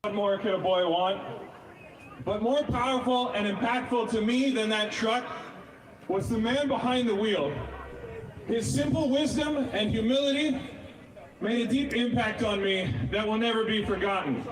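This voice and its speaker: A man's voice: sits high, normal speed, roomy sound, distant mic, poor audio. A man giving an earnest, emotional prepared speech, choked up and grateful. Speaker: speaker at a protest rally.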